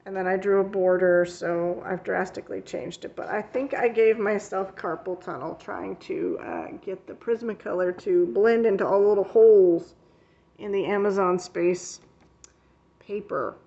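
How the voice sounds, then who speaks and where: A woman's voice: mid-range voice, fairly even intonation, moderate pace, vocal fry, mellow, dull audio. A woman who teaches art, chatting casually and rambling a bit as she shows her finished coloring pages in a vlog. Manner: chatty and rambling, with frequent fillers and self-corrections. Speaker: coloring channel host. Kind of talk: casual show-and-tell vlog.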